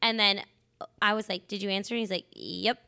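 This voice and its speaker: A woman with a bright voice at an ordinary pitch, co-hosting a casual podcast. She is from the Midwest and tells wry, teasing stories about her co-host. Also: fairly even intonation, fairly quick, gravelly. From Kansas City area, US Midwest.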